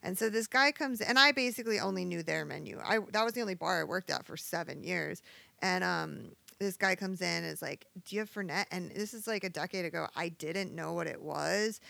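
A woman's voice: fairly low pitch, brisk, vocal fry, pushed and bright, no room sound. A woman in her thirties who works as a bartender, telling candid, profane stories in a casual podcast chat.

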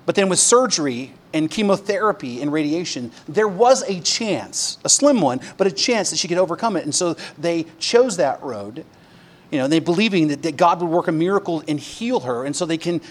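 A man delivering a sermon in a slightly raised pitch. He talks conversationally with plenty of fillers. He drops his voice low for the quiet parts and pushes it up for emphatic peaks. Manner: conversational preaching with fillers, swinging from hushed to emphatic. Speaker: pastor.

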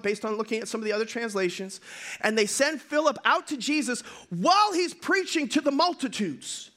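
A male pastor preaches with animated, humorous storytelling. His voice sits high and bright. It swings widely in pitch as he goes. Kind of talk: sermon.

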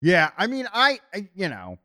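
A man's voice: sits high, huge pitch swings, normal speed, sharp tone. A man co-hosting a podcast, hesitant in casual chat, with many fillers, then reading out a news story. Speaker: podcast co-host.

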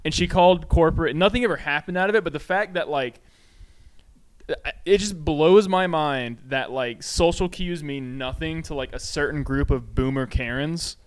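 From a home studio, a man co-hosting a podcast tells retail stories in casual, profane chat packed with fillers. His voice is fairly high, smooth and at a normal speed, and his anecdote-telling is animated.

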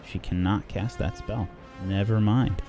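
A man narrating as game master in a tabletop game, relaxed and thinking aloud as he goes. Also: fairly low pitch, measured pace, music in the background.

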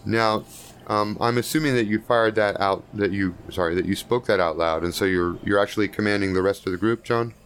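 A man's voice: lowish voice, brisk, noisy background. A man narrating as game master in a tabletop game, in a loose, profane, chuckling way.

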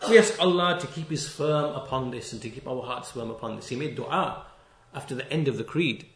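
Emphatic male preacher in an echoey room. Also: medium pitch. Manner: emphatic and repetitive, stressing key words; recites Quranic verses in Arabic quickly. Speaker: Islamic preacher. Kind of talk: sermon.

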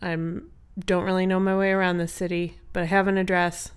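A woman's voice: on the low side, level tone, fairly quick, smooth, lightly acted. A woman voicing a whiny young male cat in a made-up bedtime story, talking in her own plain, matter-of-fact way. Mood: casual.

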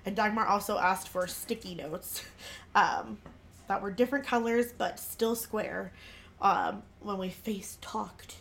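A woman's voice: medium pitch, measured pace, creaky, fairly bright tone. A woman hosting a podcast, telling a family story in casual chat full of filler words. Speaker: podcast host.

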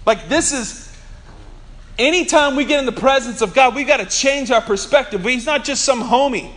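A man preaching a Sunday sermon, telling humorous, chatty stories and slowing down to press points home. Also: extremely high pitch, fairly bright tone. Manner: earnest preaching with slow emphasis. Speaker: pastor.

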